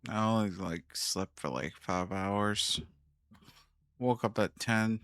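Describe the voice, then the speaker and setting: A man streams a game, muttering slowly, tired and irritable. His voice is bright and crisp. The sound is close and dry. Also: lowish voice, no room sound. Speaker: gaming streamer. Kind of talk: casual gaming commentary.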